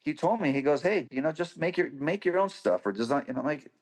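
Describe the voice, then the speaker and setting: A man's voice: a little high, animated, brisk, few pauses. A man, a guest on a podcast, telling stories about designing parts in an eager, anecdotal way. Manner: enthusiastic, anecdotal storytelling. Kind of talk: casual podcast interview.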